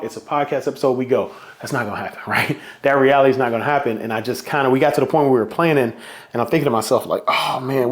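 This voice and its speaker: Man, podcast host, casual solo talk, earnest, emotional, mid-pitched voice. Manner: heartfelt, emotional, conversational.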